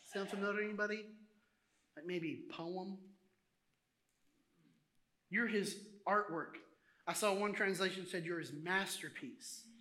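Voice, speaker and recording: Guy pastor preaching, chatty and animated, real bright sharp tone. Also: sits high. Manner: animated, conversational preaching with acted asides. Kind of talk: sermon.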